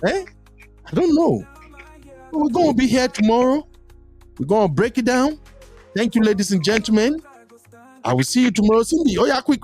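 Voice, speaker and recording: A man with a Nigerian accent hosting a live chat show, animated and teasing, mixing Pidgin into English. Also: high-pitched. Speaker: host.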